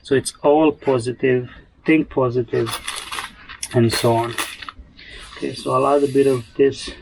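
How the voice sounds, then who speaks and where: A man's voice: mid-range voice, steady tone, measured pace, vocal fry, background noise. A man talking casually while sowing seeds in his garden, chatty and self-mocking, rambling as he goes. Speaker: homesteader vlogger.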